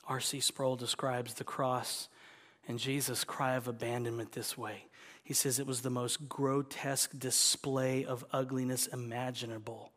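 A man preaching a sermon, his voice swelling to loud pleading and dropping to hushed whispers. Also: mid-range voice. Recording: long hall reverb.

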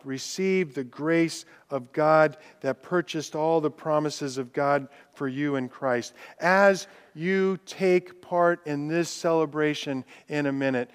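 A man's voice: fairly high pitch, smooth. Man preaching in a reverberant hall. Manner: swings between loud declarations and hushed, drawn-out words; reads scripture aloud with rising intensity. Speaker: pastor. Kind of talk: sermon. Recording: long reverb from a large hall.

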